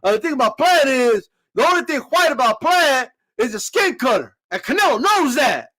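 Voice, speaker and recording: A man with a high voice delivers a fired-up boxing rant. He swears freely and mocks his critics sarcastically, telling them to shut up. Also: very animated, moderate pace, bright, forceful tone. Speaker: boxing commentator. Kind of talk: ranting commentary.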